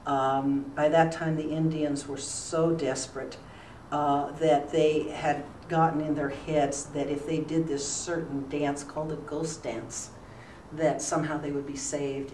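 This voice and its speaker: An older woman talking as a retired newspaper columnist in an interview, telling rambling stories with plenty of fillers. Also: very deep voice. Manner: rambling, warm anecdotes with many fillers. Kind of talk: relaxed storytelling in an interview. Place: school room. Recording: roomy, distant mic with faint noise.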